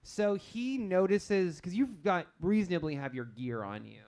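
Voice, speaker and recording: A man running a tabletop game as game master, playful and quick with asides. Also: sits high, lively intonation, darkish tone.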